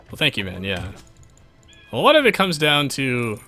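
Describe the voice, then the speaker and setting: Man, game streamer, bright crisp voice, chatty and self-deprecating, faint game music behind. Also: medium pitch, huge pitch swings, moderate pace. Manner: self-mocking, chatty, many restarts and fillers. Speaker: streamer playing a strategy game. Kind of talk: live-stream commentary.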